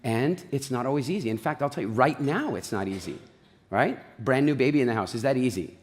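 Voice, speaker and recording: Man giving a lively stage talk. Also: medium pitch. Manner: animated storytelling, acts out quotes, then slow guided relaxation. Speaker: speaker on stage. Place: large hall with audience. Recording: long hall reverb.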